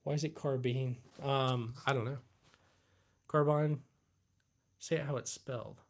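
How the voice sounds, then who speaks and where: A man's voice: medium pitch, quick pace, creaky. A young man hosting a casual live Q&A stream, rambling and reading chat aloud with lots of fillers. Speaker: livestream host.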